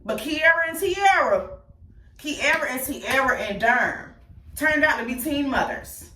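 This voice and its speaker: A woman's voice: high voice, a little slow, recorded from a distance. Blunt, profane woman in an echoey room. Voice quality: blunt, profane, animated, talks straight to the audience. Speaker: host telling her life story. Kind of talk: casual personal storytelling to viewers.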